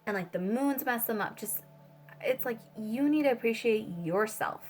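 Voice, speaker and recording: A woman's voice: on the high side, moderate pace, a little mellow, soft background music. Rambling woman giving a tarot reading. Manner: rambling, swears freely, many fillers. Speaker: tarot reader. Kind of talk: casual spiritual reading.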